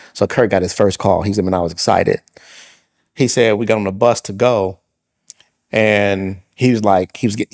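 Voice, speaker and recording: A man with a fairly low voice tells a long personal story on a podcast. He is in his forties and talks casually, stopping and restarting his sentences often and leaning on fillers as he goes. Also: darkish tone. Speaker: podcast co-host. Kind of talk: casual chat.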